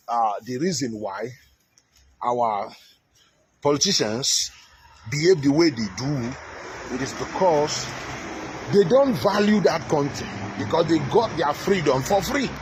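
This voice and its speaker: A heated Nigerian man delivers scornful commentary in a high voice, stumbling through fillers and restarts. Faint noise sits under the recording. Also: poor audio. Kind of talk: ranting commentary.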